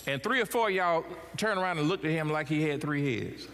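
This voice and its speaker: A middle-aged man delivers a sermon from the pulpit, his voice sitting a little high for a man. He swings his pitch and volume freely as he preaches. The recording carries the long reverb of a church sanctuary. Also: animated, brisk, fairly bright tone, faint music behind. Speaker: pastor.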